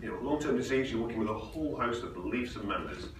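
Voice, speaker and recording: A man's voice: medium pitch, animated, rapid-fire. Male conference speaker, storytelling, very echoey hall with noise behind, mic distant. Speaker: presenter. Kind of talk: conference talk with anecdotes.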